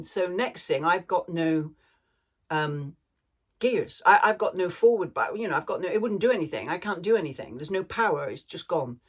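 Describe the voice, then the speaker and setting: A woman's voice: deep voice, breathy edge. A woman vlogger telling a rambling story in a chatty way, laughing now and then. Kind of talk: casual storytelling chat.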